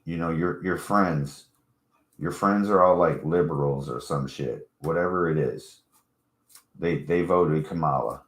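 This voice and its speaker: A man with a low, deep voice rants loosely to his camera. He rambles, swears freely and mocks the people he talks about. The talk is loose and unscripted. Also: unhurried. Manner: rambling, profane and mocking. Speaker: vlogger. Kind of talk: casual profane rant.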